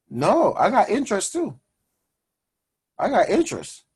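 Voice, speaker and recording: A man hosting a personal finance show, talking to his audience in an energetic, preachy way and calling them guys. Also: high-pitched, measured pace, pauses often, breathy edge. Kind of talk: energetic motivational money talk.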